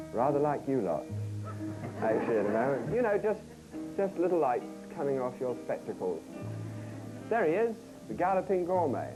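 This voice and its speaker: A man's voice: on the high side, poor audio. A man hosting a cooking show, joking wryly with a studio audience in an archival broadcast. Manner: wry, teasing asides.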